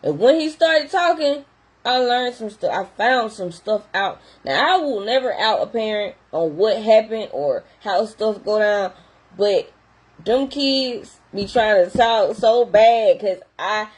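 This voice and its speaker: A woman's voice: medium pitch, expressive, takes it slowly, rough recording. A young adult woman who works in behavior therapy, talking casually and animatedly straight to her viewers. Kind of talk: casual talk to camera.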